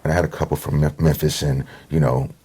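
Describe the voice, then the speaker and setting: A man's voice: very deep voice, little pitch movement, quick pace, warm tone, slightly rough. A middle-aged man from Portland, Oregon, telling stories as a guest in a casual conversation and acting out the voices of people he quotes. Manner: easygoing storyteller, acts out quotes.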